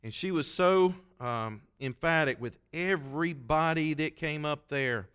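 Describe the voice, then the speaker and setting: A man's voice: on the high side, a little slow, fairly bright tone, clear, resonant tone. A man preaching as a pastor, telling a story in a folksy, conversational way and acting out the voices he quotes. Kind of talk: sermon storytelling.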